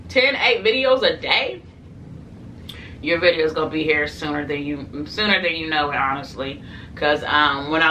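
A woman's voice: low voice, pushed and bright. A young woman chatting to camera on her eating show, rambling casually with lots of fillers, talking to her viewers. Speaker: mukbang and reaction channel host. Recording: slightly distant mic with faint room noise.

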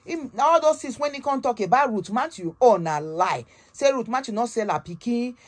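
A woman with a Nigerian accent hosting a gossip channel, retelling a story in a dramatic, animated way with frequent exclamations. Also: fairly high pitch, fairly quick. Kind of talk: casual storytelling gist in Pidgin.

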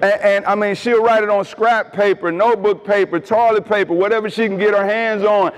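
A man with preaches in a loose, joking way, calling questions out to his congregation. His voice sits a little high for a man. The sound rings with the long reverb of a large hall. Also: steady tone, moderate pace. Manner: casual, joking preaching with call-and-response to the congregation. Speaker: pastor. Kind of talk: sermon. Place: church sanctuary.

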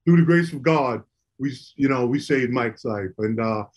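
A man's voice: medium pitch, normal speed, slightly rough. A middle-aged man, a former basketball player, telling stories casually and with animation about his recovery program. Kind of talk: casual storytelling.

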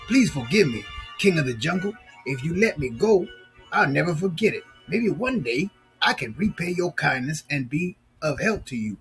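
A man's voice: a little high, big pitch swings, normal speed, fairly bright tone, faint music behind. A man voicing a small, frightened male mouse who pleads earnestly. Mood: pleading.

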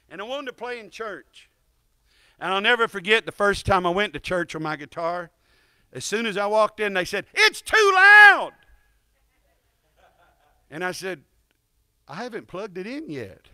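A man's voice: sits high, animated, moderate pace, pushed and bright, clear, resonant tone, dry recording. A man playing guitar at a church service, telling a folksy, joking testimony and leading the congregation in call-and-response, speaking into a stand microphone. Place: church sanctuary, in front of a congregation.

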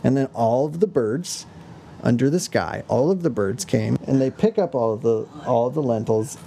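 This is a male podcast co-host with a heavily gravelly, fry-filled voice and a dark, mellow tone. He retells a fairy tale casually, in slangy and rambling speech full of restarts. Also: mid-range voice, moderate pace, a little hiss or hum. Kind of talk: casual storytelling chat.

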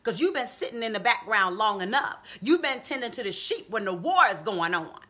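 A woman preaching a sermon, reading scripture and explaining it, then rising to high, emphatic calls to her listeners. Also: sing-song, fairly quick, pushed and bright. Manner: reads scripture and explains it conversationally. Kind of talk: sermon on a live video stream.

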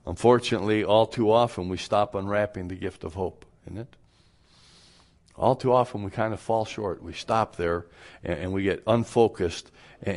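Pastor guy preaching, low voice, folksy and down to earth, plays out little back and forth chats. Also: darkish tone. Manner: down-to-earth, folksy, acts out both sides of imagined chats. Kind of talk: sermon.

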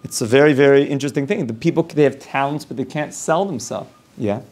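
A man's voice: mid-range voice, fast, darkish tone. A man who is a rabbi teaching an informal Torah class. He explains ideas through long worked examples and often restarts his sentences.

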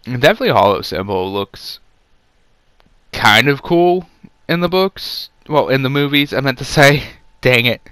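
A man's voice: mid-range voice, animated, normal speed, bright, forceful tone, clean tone, dry recording. A man giving a casual, rambling movie review, sarcastic and full of fillers.

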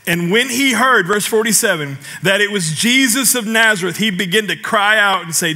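Preacher, middle-aged man, bright higher voice, jokey, builds to shouting. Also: normal speed, few pauses. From United States. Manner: animated, jokey, shouts scripture cries. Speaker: pastor. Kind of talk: sermon.

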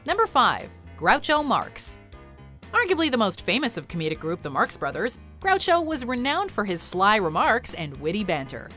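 A woman's voice: mid-range voice, moderate pace, soft background music. A woman narrating a countdown video in an upbeat scripted style. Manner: upbeat, lively list presenting.

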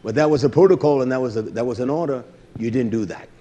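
A man preaching a sermon to his congregation, blunt and combative, with slangy talk that drops to low mutters and rises to loud outbursts. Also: quick pace. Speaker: congregation leader.

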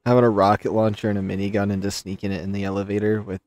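Low-ish guy rambling over his game, kinda hyped, dry mic, faint music behind. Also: racing, dry recording. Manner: rambling, excitable, laughs at the game. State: recovering from being sick. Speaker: gameplay commentator. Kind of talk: casual let's-play commentary.

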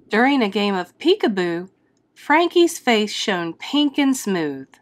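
A woman reading a children's storybook aloud in a slow, expressive, teacherly way. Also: mid-range voice. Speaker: read-aloud host.

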